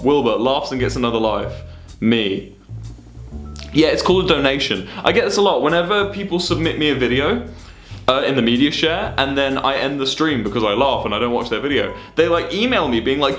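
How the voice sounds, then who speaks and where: Young man, lively, sweary reaction chat. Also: medium pitch, a little fast, reverberant, faint music behind. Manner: swearing, laughing, mock-indignant banter. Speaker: streamer reacting to fan memes. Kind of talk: casual reaction commentary.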